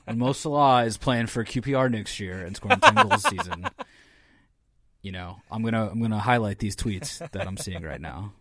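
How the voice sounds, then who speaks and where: A man's voice: fairly low pitch, sing-song, normal speed, fairly bright tone, no echo, studio quality. A man co-hosting a casual football podcast, joking in a mock-ranting, swearing way. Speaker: podcast co-host.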